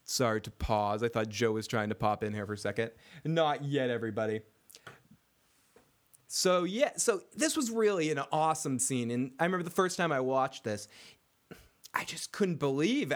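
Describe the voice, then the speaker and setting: A man co-hosting a casual recap podcast, talking excitedly, swearing and often restarting his sentences. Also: mid-range voice, normal speed. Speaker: podcast co-host.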